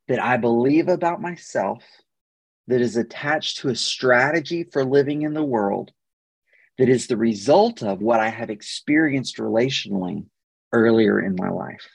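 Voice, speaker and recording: A man's voice: medium pitch, lively intonation, unhurried, creaky, slightly rough, dry recording. A man in his thirties, a guest therapist on a podcast, explaining ideas thoughtfully with many restarts and fillers.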